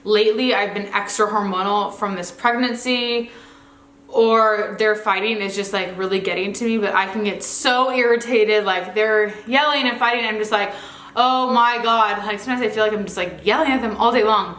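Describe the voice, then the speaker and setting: A woman's voice: mid-range voice, steady tone, a little fast, fairly bright tone. A young woman vlogger chatting casually to camera at home, full of fillers and asides. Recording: roomy echo.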